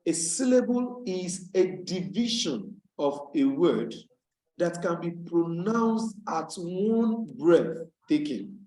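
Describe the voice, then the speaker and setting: A male tutor gives an online lesson, speaking in a slightly high voice and patiently repeating key terms so students catch them. The sound comes through a video call from a room with a noticeable echo. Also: big pitch swings, takes it slowly, a little mellow. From Nigeria. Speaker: English tutor.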